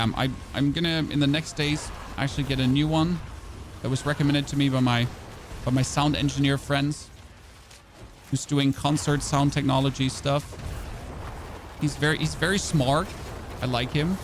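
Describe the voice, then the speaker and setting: Against a noisy background, a game streamer whose first language is German chats loosely with his live chat in a mid-range voice. He rambles, pokes fun at himself, and often restarts his sentences.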